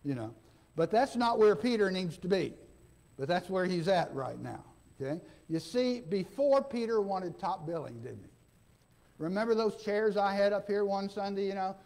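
A man's voice: high-pitched, sing-song, normal speed, a little mellow. A man preaching a sermon as interim pastor, folksy and conversational, often checking in with the congregation and acting out the quoted dialogue. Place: church sanctuary.

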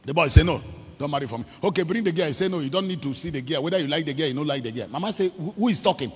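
A man's voice: fairly high pitch, rapid-fire, husky, big-room sound. A man with a Nigerian accent preaching a sermon, telling a story and acting out its quotes. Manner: acts out quotes, leads shouted prayers, mixes in pidgin. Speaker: evangelist preacher. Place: large church hall.

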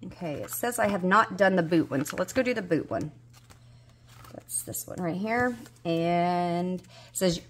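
This budgeting vlogger's voice sits fairly low, with slight background noise in the clip. A Southern US woman in her forties, she talks casually to herself as she plays a budgeting game. She searches for pieces, mildly exasperated.

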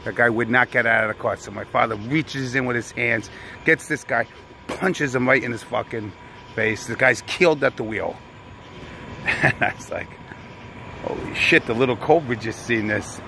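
A man's voice: mid-range voice, normal speed, creaky, pushed and bright, slight background noise. A man telling a story in a blunt, profane, tough-guy manner. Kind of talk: casual storytelling.

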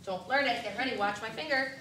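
A woman teaching first graders to blend words, with clear, directive prompts and counting down. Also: a little high, fast, pushed and bright, a little hiss or hum. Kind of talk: classroom reading lesson. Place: classroom. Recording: echoey classroom from far off, children around.

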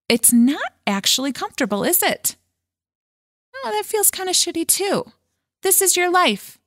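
This studio-quality recording, free of room sound, features a woman life coach hosting a motivational podcast. Frank and casual with the odd chuckle, she acts out anxious thoughts in a lively, dramatic way, her pitch and pace swinging widely.

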